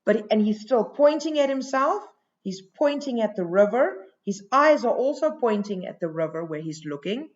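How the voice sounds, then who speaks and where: A woman teacher giving a recorded lesson, thinking aloud as she goes and pausing often with fillers. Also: a little high, lively intonation, highs cut off.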